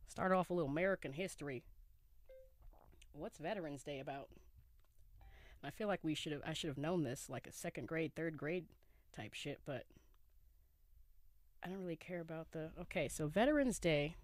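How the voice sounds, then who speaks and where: A woman's voice: sits low, normal speed, long pauses, no echo. Sleepy, laid-back woman podcaster. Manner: laid-back and giggly, with slang and swearing. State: sleepy, groggy morning voice. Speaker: podcast host. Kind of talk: casual solo podcast chat. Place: inside a camper van.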